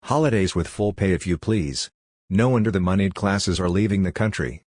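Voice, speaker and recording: A prim, grumbling male fairy from a storybook, lecturing in a low, deep voice, as a man reads him. He sounds dry and close, with no room around him. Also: normal speed, darkish tone, no room sound. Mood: complaining. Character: pompous fussy male fairy living in a pocket.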